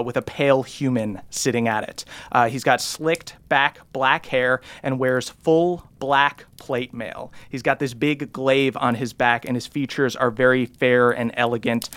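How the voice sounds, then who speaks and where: Brief: male game master, laid-back scene narration, mid pitch. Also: smooth, no room sound. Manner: relaxed descriptive narration with fillers.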